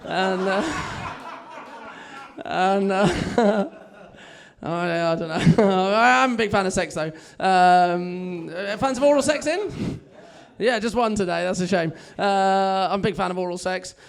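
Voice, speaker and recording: A man's voice: high-pitched, slow, vocal fry. A young English man doing stand-up, chatty and self-mocking, laughing at his own jokes in front of a club audience. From England. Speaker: stand-up comedian. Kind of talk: stand-up set. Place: comedy club with a live audience.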